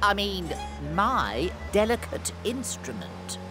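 A bossy, gloating male cartoon goblin who orders his sidekick about, as a woman puts him on. His voice swoops wildly and his words come very slowly. Loud music plays behind him. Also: medium pitch, sing-song. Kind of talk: cartoon voice acting.

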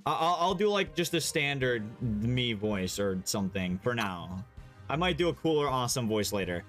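A man's voice: medium pitch, sing-song, normal speed, fairly bright tone, faint music behind. A man chatting casually while playing a game, joking and giggling with friends. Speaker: let's-play host. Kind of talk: casual gameplay chat.

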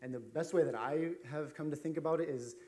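A man's voice: a little high, fairly quick, darkish tone. A man preaching a sermon as a pastor, chatty and storytelling, with frequent fillers and restarts. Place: church sanctuary.

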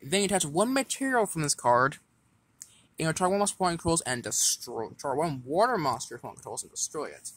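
A man casually walking through his card game deck, reading effects aloud in a halting way with stumbles and restarts. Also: on the high side, animated, fairly bright tone, husky, no echo.

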